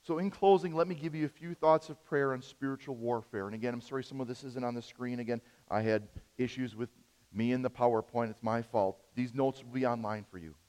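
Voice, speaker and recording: A man preaching a sermon, telling stories with big swings from quiet to loud. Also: medium pitch, a little fast, big-room sound. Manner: animated storytelling, big swings in loudness. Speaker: pastor.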